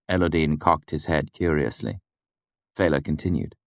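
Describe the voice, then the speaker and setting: A man narrating a fantasy audiobook in a measured, expressive storytelling manner. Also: rumbling low, no echo, studio quality.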